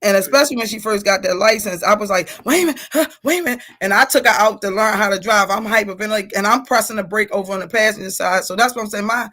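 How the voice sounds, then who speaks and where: A woman in her forties hosting a casual live-streamed chat, telling stories in an animated, chatty way. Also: mid-range voice, quick pace, few pauses. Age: 40s.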